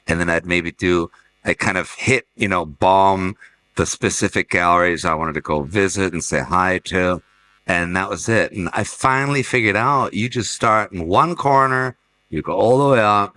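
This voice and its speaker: Man, lowish bright voice, rambling anecdotes, panel chat, faint hum. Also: rough recording. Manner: anecdotal, restarts and laughs while telling stories. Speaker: art fair director. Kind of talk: casual panel conversation. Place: fair talk stage.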